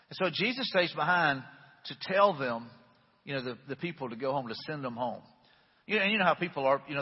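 A man's voice: on the high side, slightly rough. A man preaching a sermon in a conversational way, with fillers and restarts. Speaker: pastor. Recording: dull echoey hall.

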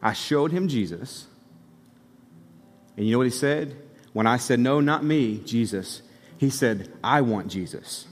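A male pastor preaching a sermon, telling a story and building to excited exhortation. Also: medium pitch, measured pace, pauses often, in a large hall, background noise.

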